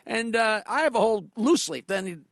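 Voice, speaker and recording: A man's voice: high-pitched, lively intonation, a little fast, vocal fry, no echo. An older man, a guest comedian telling rambling anecdotes full of restarts in casual studio chat.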